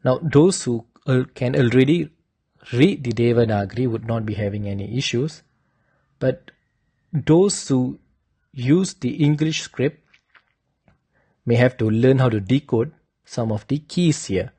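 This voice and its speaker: A man slowly giving a lesson, carefully demonstrating correct pronunciation. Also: mid-range voice, lively intonation, mellow, husky, no room sound. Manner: slow and deliberate, demonstrating pronunciations. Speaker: teacher of Vedic chanting. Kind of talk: instructional talk.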